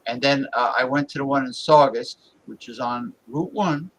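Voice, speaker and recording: A man's voice: mid-range voice, normal speed, a bit bright, poor audio. A man talking in a casual group chat, rambling with many fillers and restarts.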